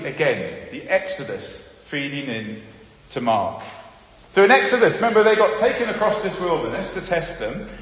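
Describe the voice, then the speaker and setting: Guy preaching a sermon, high voice jumping all over, roomy echo. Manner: animated, acts out quoted voices. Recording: echoey hall, dull sound.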